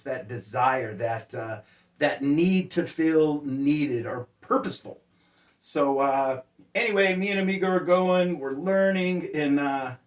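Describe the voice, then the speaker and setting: A man telling personal stories as life lessons in a casual, rambling way, full of "uh" fillers and blunt, profane language. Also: a little high. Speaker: motivational speaker sharing life lessons. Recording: roomy sound, distant mic.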